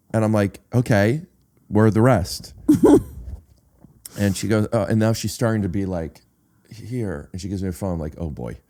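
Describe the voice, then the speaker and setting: A man with a fairly low voice hosts a casual podcast chat. He tells a long personal story, stumbling over his words, repeating himself and filling the gaps with uh. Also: warm tone. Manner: halting, repeats words and says uh often while telling a story. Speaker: podcast host.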